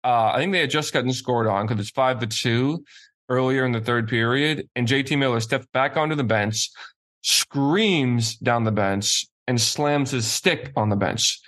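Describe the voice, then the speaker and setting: A man's voice: medium pitch, a bit bright. A male sports host who talks casually about hockey. His voice sits in a middle range, and he builds each point through repetition in an incredulous tone.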